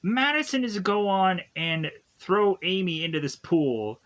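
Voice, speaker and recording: A man with a slightly high voice walks through a movie's plot at an unhurried pace. He rambles in a casual, filler-laden way, like a reviewer thinking aloud. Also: lo-fi sound. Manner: rambling, filler-heavy retelling with many "like" and "is to go on". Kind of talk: casual spoken plot recap.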